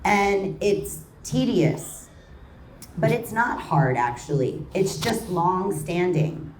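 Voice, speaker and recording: On an event stage before a live audience, a New York woman who co-founded a cannabis company speaks as a panel guest, passionate and rallying, swearing freely. Her lowish voice is expressive and slow. The mic is distant in an echoey space, with crowd noise in the background.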